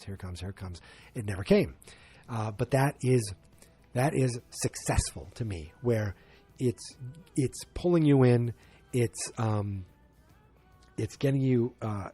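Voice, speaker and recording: A man's voice: mid-range voice, mellow. A man hosting a podcast, talking through a movie's plot in a rambling way, often correcting himself and acting out the characters' lines. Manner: rambling, self-correcting, acts out quoted lines. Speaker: podcast host. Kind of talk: casual movie review monologue.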